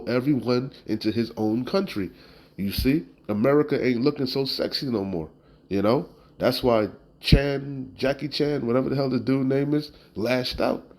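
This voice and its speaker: A man's voice: medium pitch, moderate pace, a little mellow, rough recording. A man preaching, reading Bible verses aloud and then explaining them in blunt, emphatic talk full of "you know?" asides. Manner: blunt and emphatic, occasional profanity. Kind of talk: street-style scripture teaching.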